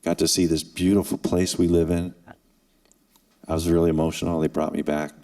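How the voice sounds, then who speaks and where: A man in his sixties, a former football kicker, telling his personal story to students in an earnest way with dramatic pauses. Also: low-pitched, little pitch movement, a little mellow. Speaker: former NFL kicker and forum speaker. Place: event hall.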